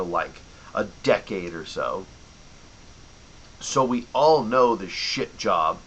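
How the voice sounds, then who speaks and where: Young guy, tipsy rant to camera: forceful, sarcastic, profane, faint hiss on the track. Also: mid-range voice, poor audio. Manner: heated, sarcastic, swearing freely, mocking customers. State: drinking and worked up. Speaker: vlogger and bookstore clerk.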